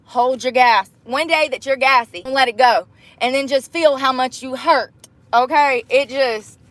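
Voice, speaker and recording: A young woman talking straight to her viewers in a loose, candid vlog, voice sitting a little high. She keeps it animated and breaks into laughter and squeals, and she calls her audience y'all, girl and baby. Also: dry recording. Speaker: vlogger. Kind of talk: casual chat to camera.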